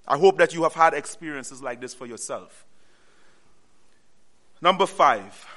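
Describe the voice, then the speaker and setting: A man preaching a sermon, earnestly repeating key phrases and pausing on "what?" to let listeners finish the line. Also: a little high, expressive, sharp tone. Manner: call-and-response, pausing on "what?" for the audience to finish.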